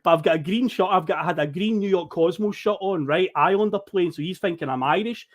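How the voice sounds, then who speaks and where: A Scottish man in his thirties, appearing as a podcast guest storyteller, spins rambling travel anecdotes in casual chat. He speaks fast in a high-pitched voice, acting out quotes and laughing often.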